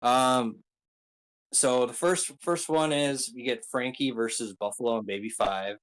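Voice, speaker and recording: A man's voice: mid-range voice, measured pace, poor audio. A man casually recapping a story, rambling with many ums and uhs and throwing in joking asides. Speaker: video creator recapping an anime arc.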